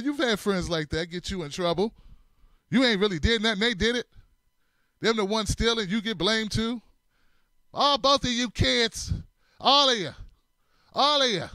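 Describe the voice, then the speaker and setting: A man's voice: sits high, lively intonation, normal speed, sharp tone, no echo, studio quality. A man hosting a comedic commentary show, laughing a lot, swearing casually and acting out scenes in different voices. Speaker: show host.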